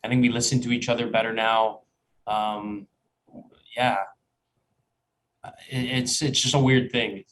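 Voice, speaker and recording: A man around thirty, a band member in an interview, who speaks thoughtfully and haltingly as he searches for words. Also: on the low side, little pitch movement, a bit bright, a little hiss or hum, poor audio. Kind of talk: conversational interview.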